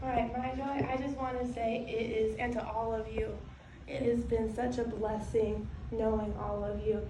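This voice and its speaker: A woman's voice: on the high side, level tone, moderate pace, noisy background. A woman giving a tender, emotional party toast. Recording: echoey room, far mic, crowd.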